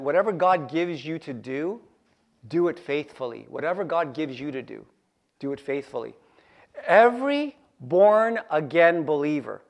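A man preaching a sermon to his congregation, lively and jokey, repeating key phrases for emphasis. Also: on the high side, vocal fry. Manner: animated, joking asides, repeats key phrases. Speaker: pastor.

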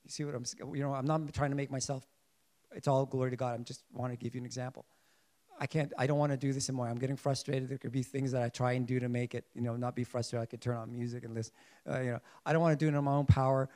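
This preacher, a man of medium pitch, speaks fast and in a level tone as he earnestly gives a sermon. He often starts sentences over while looking for words, sometimes building in emphasis, sometimes dropping quiet.

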